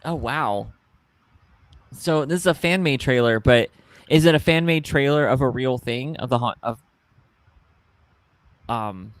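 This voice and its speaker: A man co-hosting a casual late-night chat, rambling and excitable, often trailing off mid-thought. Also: mid-range voice, normal speed, no room sound. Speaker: co-host.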